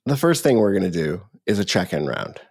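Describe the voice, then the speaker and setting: A man's voice: low voice, big pitch swings, brisk, vocal fry, a little mellow, breathy edge. A man co-hosting a podcast in a playful, candid, conversational chat. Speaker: podcast co-host.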